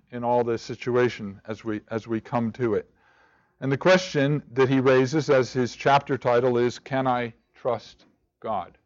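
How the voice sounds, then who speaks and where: Man, Bible study teacher, halting delivery, repeated questions, muffled recording. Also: mid-range voice. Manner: halting, repeats and restarts words, asks rhetorical questions. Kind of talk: teaching a church study group. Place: room with a group of listeners.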